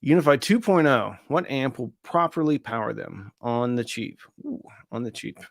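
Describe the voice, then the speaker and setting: Male host, gravelly tone, dry close sound, easygoing chat reading viewer comments. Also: medium pitch, expressive, normal speed, dry recording. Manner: reads out viewer comments and answers them casually. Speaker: host of an audio gear channel. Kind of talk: casual live-stream chat.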